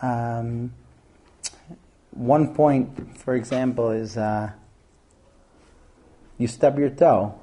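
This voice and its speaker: A man's voice: medium pitch, drawn-out words, pauses often, a little hiss or hum. A man teaching a class, explaining his points with examples and acting out scenes. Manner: animated, acts out scenes in different voices. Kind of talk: lecture to a class.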